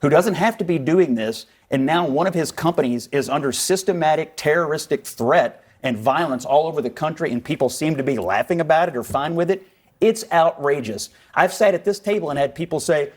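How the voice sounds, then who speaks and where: A man's voice: fairly high pitch, animated, fairly quick. A man makes his point on a televised panel, his voice firm and indignant as he presses on. He talks like someone who expects to be heard out. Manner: forceful, indignant. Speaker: panel guest. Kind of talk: heated TV panel debate.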